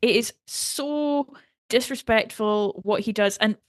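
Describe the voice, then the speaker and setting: A woman from the United Kingdom co-hosting a podcast in casual chat, animated and acting out quotes as she talks. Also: on the high side, slow, dry recording, clean studio sound. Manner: animated, acts out quotes in voices. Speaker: podcast co-host.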